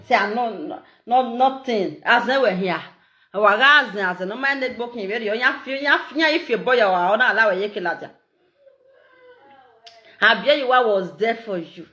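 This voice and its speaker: A middle-aged Nigerian woman with an Edo accent, talking in a casual, animated, repetitive way and laughing often. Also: on the high side. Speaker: social media live streamer. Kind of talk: casual monologue in Pidgin and Edo.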